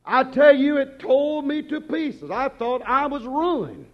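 A middle-aged man preaching a sermon, telling the story dramatically and acting out quotes before rising to shouts. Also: very high voice, animated, takes it slowly. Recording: dull lo-fi sermon recording.

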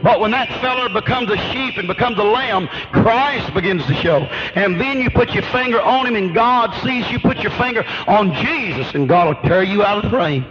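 High-voiced preacher man, emphatic. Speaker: pastor. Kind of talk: sermon. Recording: dull lo-fi recording.

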